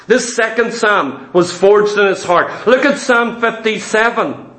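A man's voice: high voice, measured pace, a bit bright, roomy sound. A man preaching a sermon to a congregation, emphatic and impassioned, calling out to the saints.

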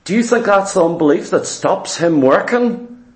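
A man's voice: high-pitched, lively intonation, moderate pace, echoey room. A man preaching a fervent sermon in a church, firing rhetorical questions at the congregation.

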